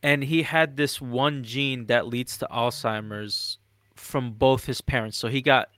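A relaxed young man co-hosts a casual podcast and reads out entertainment headlines in an easy, unhurried way. His pitch sits in the middle, and the room sounds dry. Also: dry recording. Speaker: podcast co-host. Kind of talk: casual news chat.

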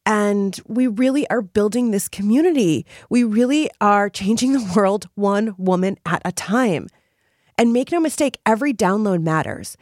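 A woman's voice: mid-range voice, animated, normal speed, darkish tone, no echo, studio quality. A woman hosting her own podcast, talking to listeners in an effusive, encouraging and emphatic way. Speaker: podcast host. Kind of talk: solo podcast monologue.

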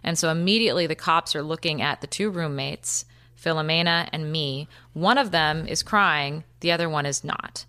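Low-voiced woman telling her story. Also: pushed and bright. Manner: quick, vivid retelling with acted-out quotes. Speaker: interview guest. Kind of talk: recounting a personal story.

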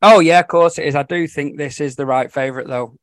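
Guy, a bit higher voice, quick jokey racing chat. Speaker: racing tipster. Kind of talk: casual sports radio chat.

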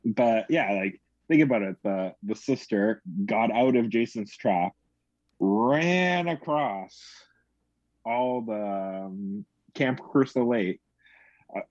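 Low-pitched man, casual movie-podcast chat, rambly with restarts, dull dry recording. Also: takes it slowly, a little mellow, no room sound. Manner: rambling, filler-heavy, frequent restarts. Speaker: podcast co-host. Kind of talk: casual film discussion.

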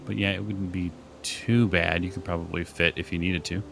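A man running a tabletop horror game as game master, narrating events calmly and calling for dice rolls. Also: low-pitched, normal speed, vocal fry, noisy background.

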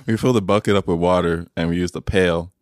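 Young male co-host, deep and dry, laid-back joking chat. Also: fairly even intonation, quick pace, dry recording. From Nigeria. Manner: laughing, joking banter. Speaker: podcast co-host. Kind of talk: casual chat.

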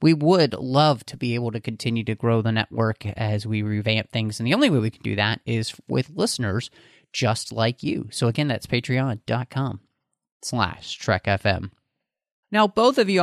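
A man's voice: mid-range voice, no room sound, clean studio sound. A man hosting a podcast in a casual, chatty way, with frequent fillers as he reads plugs and reminders. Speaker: podcast host.

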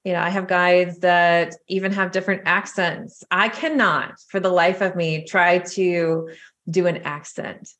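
Woman guest, lowish voice, chatty and explanatory. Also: steady tone, unhurried, a bit bright. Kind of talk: casual chat.

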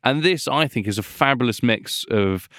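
A man co-hosting a podcast in casual, jokey chat, his voice jumping up when he gets excited. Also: moderate pace, no room sound, clean studio sound. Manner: animated, jokey, jumps up in pitch when excited. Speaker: podcast co-host.

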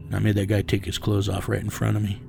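A man being interviewed, recounting a raid in low, measured storytelling that sinks to a menacing hush. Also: completely flat delivery, gravelly, over music. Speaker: interview guest.

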